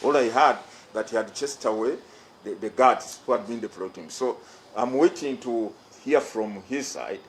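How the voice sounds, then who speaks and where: A man's voice: mid-range voice, moderate pace, a little hiss or hum, low-quality recording. A middle-aged man with a Ugandan English accent, chairing an electoral commission and giving a formal press conference statement, emphatic and repeating his key phrases.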